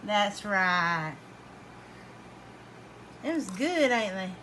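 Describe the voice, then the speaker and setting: A woman, softly coaxing her son to speak at his hospital bedside. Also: medium pitch, sing-song, very slow, a little hiss or hum. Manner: soft, coaxing, repeats questions. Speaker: mother caring for her son. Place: hospital room.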